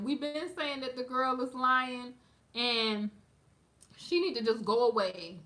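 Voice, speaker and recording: A woman's voice: a little high, fairly even intonation, slow pace, a bit bright. A woman giving sassy, emphatic gossip commentary on a live stream, talking straight to her viewers in a slangy, casual way.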